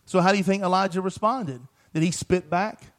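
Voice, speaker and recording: A man preaching a sermon, reading scripture aloud, asking the congregation questions and building to shouted, repeated refrains. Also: high voice, a little fast. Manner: preaches with rising, shouted emphasis and repeated phrases.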